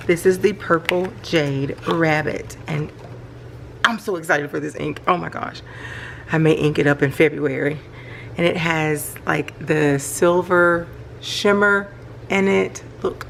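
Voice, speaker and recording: A middle-aged woman with a low, gravelly voice gushes excitedly on a casual show-and-tell planner vlog. She's chatty, recording indoors at home at night, with a slight hiss or hum in the audio.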